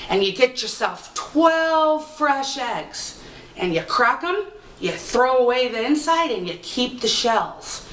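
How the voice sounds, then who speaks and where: A wise old cunning woman of the village, as a woman storyteller puts her on, slow and knowing, spelling out grim remedies. Her fairly high voice carries through a roomy space, heard from a way off. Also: a bit bright. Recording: roomy, distant mic.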